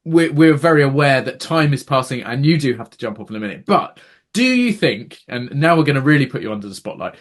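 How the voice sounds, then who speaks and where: A man's voice: mid-range voice, big pitch swings, fast. Podcast host guy, mid voice, gushing thanks and compliments to his guest. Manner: warm, effusive with praise and thanks. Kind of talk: casual interview.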